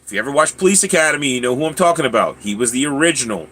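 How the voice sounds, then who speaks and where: Bright-voiced chatty man. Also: mid-range voice, expressive, racing. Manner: stammering, repeats words, chatty. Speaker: livestream host. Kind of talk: casual chat reading viewer comments.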